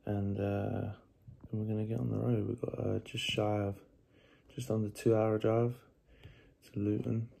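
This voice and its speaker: A young man talks through his day in a loose, rambling vlog, worn out from a sleepless night and swearing casually. His voice sits low with a gravelly edge, and steady noise runs behind him. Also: moderate pace. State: tired, sleepless. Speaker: bodybuilder vlogger.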